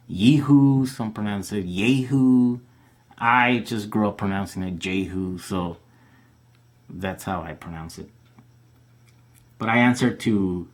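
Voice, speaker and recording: Rambling low-voiced man on a live stream. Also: a bit bright. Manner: loose and rambling, many fillers and restarts. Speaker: live stream host answering viewer questions. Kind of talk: casual live Q&A chat.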